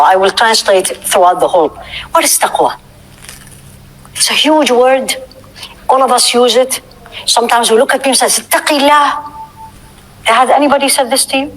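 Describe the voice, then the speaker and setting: A woman teaching a religious class to a live audience, asking the room questions and stressing key words, sometimes dropping to a soft hush. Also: a little high, rough recording. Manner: animated, asks the audience questions.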